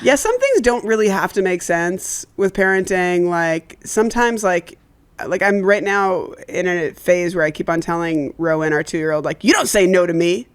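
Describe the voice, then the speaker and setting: A woman's voice: on the low side, lively intonation, normal speed, clear, resonant tone. A woman in her thirties co-hosting a podcast in casual chat, brash and joking, often acting out what she would say. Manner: joking, brash, sings and acts out lines. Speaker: podcast co-host.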